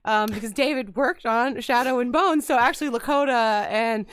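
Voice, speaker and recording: A woman's voice: a little high, normal speed, clean tone. A woman co-hosting a casual podcast, chatty and full of fillers. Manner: chatty, with many fillers and laughs. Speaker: podcast co-host. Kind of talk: casual chat.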